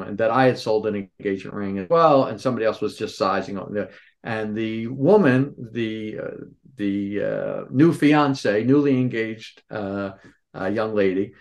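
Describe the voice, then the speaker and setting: A man in his sixties, a store owner, telling stories as a podcast guest and acting out the people in them. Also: on the low side. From Philadelphia area. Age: 60s. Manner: animated storyteller, acts out quoted voices. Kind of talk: storytelling interview answers.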